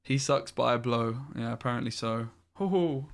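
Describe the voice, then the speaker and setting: A man's voice: medium pitch, flat delivery, moderate pace, gravelly, a bit bright. A man streaming a card game, thinking aloud in a frustrated way and swearing often. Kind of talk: live-streamed gameplay commentary.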